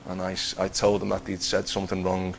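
A middle-aged man telling his personal Christian testimony in an earnest, halting way, with many restarts. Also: low voice, completely flat delivery, creaky, a little hiss or hum, rough recording. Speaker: Christian teacher giving testimony.

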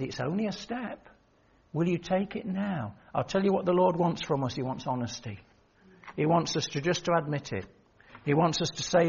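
A man's voice: on the high side, moderate pace, vocal fry, a little mellow, husky, dull audio. An older man preaching an earnest, pleading sermon that rises to emphatic outbursts. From England.

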